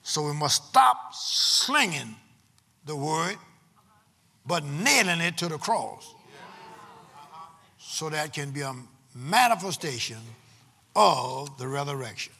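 Male preacher, slightly high pitch, husky, loud drawn-out preaching broken by fast quiet asides. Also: animated, in a large hall. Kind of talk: sermon. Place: church sanctuary.

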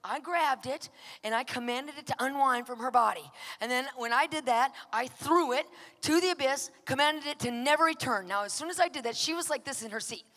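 A woman preaching, telling a story with lively acted-out dialogue that swings from whispers to shouts. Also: high voice, brisk, big-room sound. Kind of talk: sermon storytelling.

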